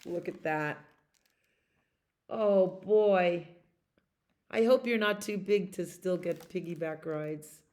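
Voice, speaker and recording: A woman librarian reading a bedtime picture book aloud to children in a gentle, soothing way. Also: fairly low pitch, slow pace, long pauses.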